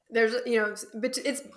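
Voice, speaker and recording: A woman's voice: on the high side, slight background noise. A woman who is a guest on a podcast, chatting casually and hesitantly. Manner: hesitant, full of fillers and restarts. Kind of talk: casual chat.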